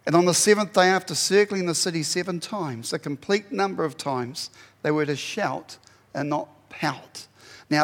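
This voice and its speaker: A man preaching a sermon in a church hall, animated, swinging from loud emphasis to quiet asides. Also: high voice. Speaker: pastor.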